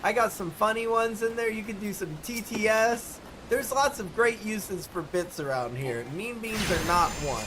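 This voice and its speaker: A man streaming live, chatting casually with his viewers in an animated, exasperated way. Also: sits high, moderate pace, hardly any pauses, background noise. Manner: animated, exasperated, talks to chat.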